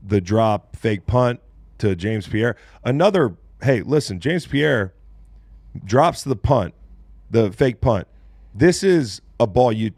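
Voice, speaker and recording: A man hosting a casual sports talk show, animated and loose, with plenty of slang and the odd swear. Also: on the low side, no room sound. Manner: animated, swears casually, says "bro" and "dude". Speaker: podcast host, former NFL player.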